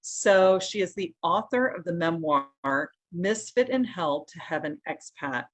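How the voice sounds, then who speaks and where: A woman's voice: fairly low pitch, lively intonation, unhurried. Chatty woman hosting a podcast. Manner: chatty, laughs often, self-deprecating asides. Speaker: podcast host. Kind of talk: casual interview chat.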